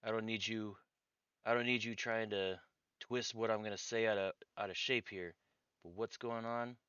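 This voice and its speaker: GM doing a gruff Brooklyn farmer, crisp bright tone, dull dry lo-fi recording. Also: male voice, fairly low pitch, fairly even intonation, moderate pace, no room sound. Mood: suspicious. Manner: grumbling, complaining. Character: gruff middle-aged male farmer, suspicious.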